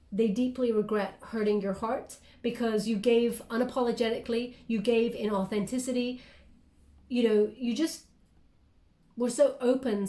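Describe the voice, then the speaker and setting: Mellow-voiced woman giving a spiritual reading. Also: on the high side. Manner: soothing, reassuring, talks in loose phrases with frequent fillers. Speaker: psychic reader. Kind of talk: spiritual guided reading addressed to the listener. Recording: roomy echo.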